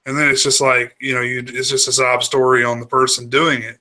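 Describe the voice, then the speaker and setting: A man chats on a podcast, dropping wry little asides. His voice stays fairly level. The tone is strikingly bright and edged. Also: medium pitch, level tone, a little fast. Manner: wry, short interjections. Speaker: podcast co-host. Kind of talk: casual chat.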